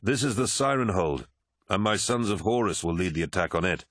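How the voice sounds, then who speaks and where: A man's voice: deep voice, animated, fairly bright tone, no room sound, clean studio sound. A man voicing a stern, imperious warlord commander. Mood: commanding. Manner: commanding, measured, cold. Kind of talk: audiobook character voice.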